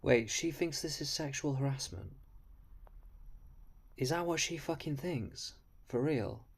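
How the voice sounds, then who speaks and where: A man's voice: mid-range voice, a little mellow. A man giving blunt, mocking, profane commentary on video clips. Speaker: commentary host.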